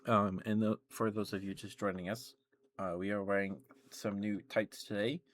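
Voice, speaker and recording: A man's voice: on the low side, flat delivery, moderate pace, slight background noise. A man telling a long dream story on an ASMR stream, rambling, laughing often and greeting his chat on a close mic. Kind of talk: soft-spoken chatty storytelling stream.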